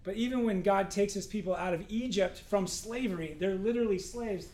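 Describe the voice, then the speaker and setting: High-voiced pastor preaching casually. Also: male voice, a little fast, dark tone. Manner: conversational, humorous, acts out voices in quotes. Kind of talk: sermon. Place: church.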